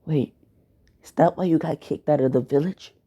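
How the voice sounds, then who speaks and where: A man voicing a guarded, lonely teenage girl ninja in a fan story, speaking haltingly. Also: a little high, warm tone, husky. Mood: hesitant.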